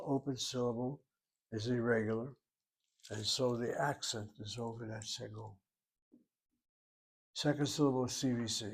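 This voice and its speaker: Working patiently through syllables and spellings, a middle-pitched man delivers a Hebrew grammar lecture, methodically talking out each step as if explaining at a whiteboard.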